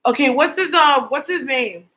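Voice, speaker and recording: A woman's voice: high voice, moderate pace, sharp tone, poor audio. A young woman from Canada chatting casually with viewers on a livestream as a psychic medium host, reading their comments aloud.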